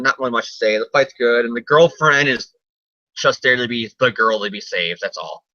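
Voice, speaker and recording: A man's voice: medium pitch, pushed and bright, no echo. A man co-hosting a casual comic review chat, rambling, jokey and swearing often. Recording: dull lo-fi sound, dry.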